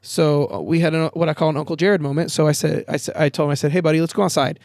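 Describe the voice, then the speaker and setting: A man chatting as a podcast guest outdoors, telling lively stories, acting out quoted lines and swearing casually. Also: fairly high pitch, fast, no echo, studio quality. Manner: animated storyteller, acts out quoted voices, swears casually. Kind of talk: casual chat. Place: outdoor backyard.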